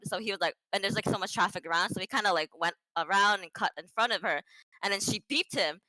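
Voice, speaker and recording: A young woman co-hosting a casual podcast chat, swearing freely and getting giggly and animated as she tells stories. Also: medium pitch, fast talker, no echo, low-quality recording. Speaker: podcast co-host.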